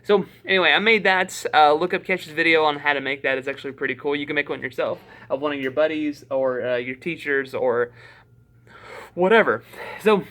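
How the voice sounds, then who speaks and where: A man's voice: fairly high pitch, a little fast, bright, forceful tone. A man with a Southern US accent, chatting casually to camera as a YouTube vlogger in a rambling, self-deprecating way.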